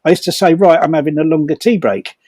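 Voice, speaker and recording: Older man, storyteller at a comedy fundraiser; raised pitch, stumbling repeats, amused chuckles, dry close mic. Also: dark tone, dry recording. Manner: halting, repeats words, chuckles while telling. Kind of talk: comic anecdote telling.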